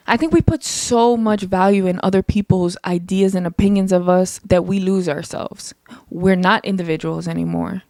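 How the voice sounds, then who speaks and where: Young woman ranting to camera, loud projecting voice, blunt, lots of "like", dry close sound. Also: fairly low pitch, steady tone, gravelly, dry recording. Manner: blunt, emphatic, talks fast with lots of "like". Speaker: podcast host. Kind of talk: casual solo chat.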